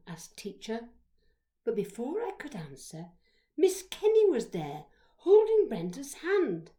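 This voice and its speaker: A slightly high-voiced woman reads a childhood memoir slowly and expressively. She moves back and forth between hushed whispers and loud exclamations as she tells it.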